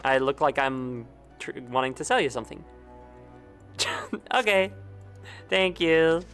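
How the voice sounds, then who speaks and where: A woman's voice: very deep voice, lively intonation, unhurried, a bit bright, soft background music. A young woman streamer giving casual commentary as she plays, chatty and muttering little asides, often repeating words.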